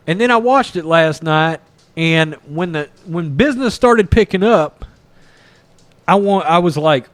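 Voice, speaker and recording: This East Texas podcast host speaks at a normal speed in a fairly high voice, recorded dry. Reviewing a film, he casually retells its plot, rambling, cursing without restraint, and performing the characters' lines with animation.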